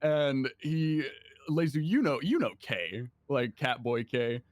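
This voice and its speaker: A man's voice: medium pitch, expressive, takes it slowly, no room sound. A young man on a stream, chatting with friends about their tabletop game and telling a story with lots of laughs and swearing. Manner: laughs often, swears casually, tells anecdotes. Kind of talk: casual group chat.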